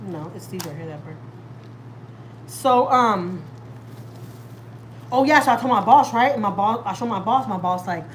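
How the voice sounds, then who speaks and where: A talkative woman in her thirties with a drawl, rambling to her viewers on a phone live stream at home. Her voice sits at an ordinary middle pitch. A faint hiss runs under it. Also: lively intonation, normal speed, pauses often, poor audio. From Texas, USA. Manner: chatty and rambling, talks straight to viewers. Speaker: family vlogger hosting a live stream. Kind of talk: casual live-stream chat.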